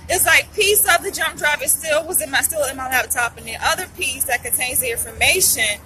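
A woman's voice: high-pitched, a little fast, few pauses, bright, forceful tone, faint music behind, some chatter behind, poor audio. A young woman, venting in a casual vlog. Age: young adult. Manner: upset, venting, says y'all a lot. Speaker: vlogger.

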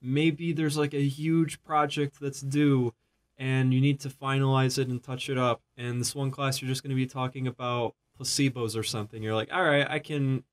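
A man's voice: medium pitch, flat delivery, normal speed. A young man co-hosting a casual college podcast, easygoing and joking with playful asides. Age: young adult. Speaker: podcast co-host. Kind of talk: casual chat. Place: college campus.

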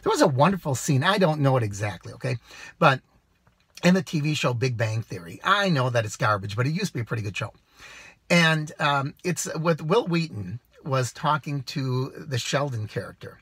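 Husky, animated man giving advice. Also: medium pitch, moderate pace, no room sound. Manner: earnest, preachy, animated, with rhetorical questions. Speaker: rideshare driver vlogger. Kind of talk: casual advice monologue to camera. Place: outdoors.

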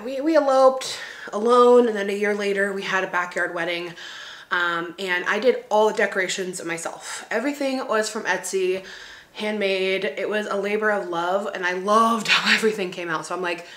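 A woman's voice: mid-range voice, a bit bright, a little hiss or hum. A young woman chatting casually to her vlog audience at home, bubbly and chatty, laughing often. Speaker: lifestyle vlogger. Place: home, indoors. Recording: echoey room.

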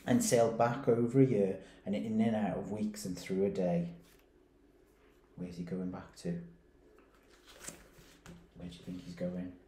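A man, a primary school teacher reading a picture book aloud and stopping to ask his pupils gentle questions. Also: sits low, flat delivery, a little hiss or hum. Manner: gentle, questioning, reads slowly and pauses to ask. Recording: roomy echoey recording.

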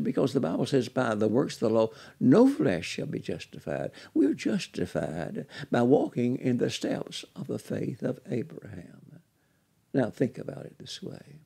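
A man's voice: mid-range voice, vocal fry, dark tone, slightly rough. A man preaching a sermon, quoting scripture and building with dramatic rises in his delivery.

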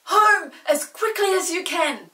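A woman's voice: a little high, expressive, unhurried, a bit bright, reverberant, distant mic, low-quality recording. An older woman voicing a cheeky, cheerful pixie boy in a storybook reading. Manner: cheeky and teasing.

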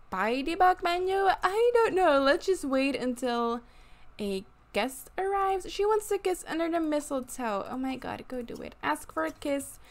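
A woman casually commenting on her gameplay, excitable and giggly, exclaiming often. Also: high voice. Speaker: gaming YouTuber. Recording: fan noise in the background.

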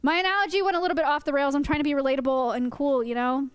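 A woman's voice: high-pitched, steady tone, very fast, dry recording. A young woman teaching her stream chat about animals in a playful, joking way, often laughing. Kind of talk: casual livestream lesson.

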